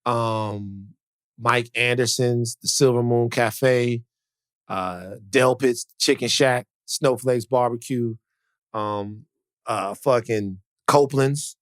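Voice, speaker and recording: A man co-hosting a podcast in relaxed, rambling conversation. He laughs easily and swears often as he tells his stories. His voice sits at a middle pitch and is recorded dry, right up on the mic. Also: takes it slowly, no echo. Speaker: podcast co-host. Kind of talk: casual chat. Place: studio.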